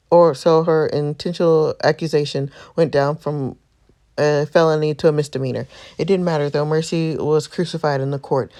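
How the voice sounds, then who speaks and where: A woman's voice: deep voice, gravelly, mellow. A woman reading as an earnest protective young man. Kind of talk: reading game narration aloud.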